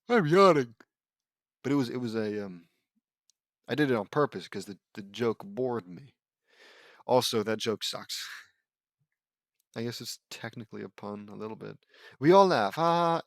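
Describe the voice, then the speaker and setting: A man's voice: mid-range voice, animated, moderate pace, no echo. Male host for a comedy fanfic read-along, sarcastic and exasperated, dry close-mic sound. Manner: sarcastic, exasperated asides, jumps to loud disbelief. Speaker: host reading and mocking a fanfic. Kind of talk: comedic audiobook reading with sarcastic commentary.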